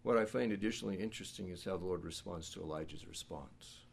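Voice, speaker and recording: A pastor preaching a sermon, who moves between hushed, quiet passages and loud, emphatic ones. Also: male voice, low voice, fast, creaky, a little hiss or hum.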